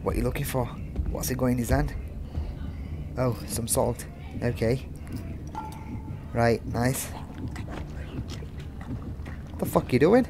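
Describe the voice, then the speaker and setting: A man giving casual live commentary on a horror game, swearing freely and talking to the characters on screen, yelling when chased. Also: medium pitch, measured pace, long pauses, background noise. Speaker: gameplay commentator.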